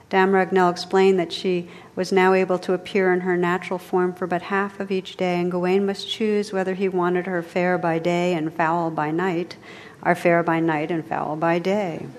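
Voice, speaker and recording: A woman meditation teacher reading a story aloud in a soft, measured way. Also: on the low side, flat delivery. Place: meditation hall. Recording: long hall reverb.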